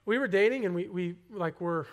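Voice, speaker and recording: A young man giving a personal testimony sermon to a congregation, earnest and conversational, with halting restarts, rising to loud emphasis and dropping to soft asides. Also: high-pitched. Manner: earnest, swings between loud emphasis and near-whispered asides. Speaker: preacher.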